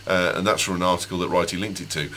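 A man hosts a loose tech chat, his low voice joking and halting over fillers. A faint hum sits under the recording. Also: steady tone, fairly bright tone. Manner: joking, hesitant with many fillers. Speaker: podcast host.

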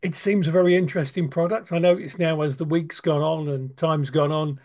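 A man's voice: on the high side, fairly even intonation, darkish tone. A British man co-hosting a casual tech chat stream, joking and restarting his sentences. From United Kingdom. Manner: chatty, restarts sentences, quick to joke. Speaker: co-host.

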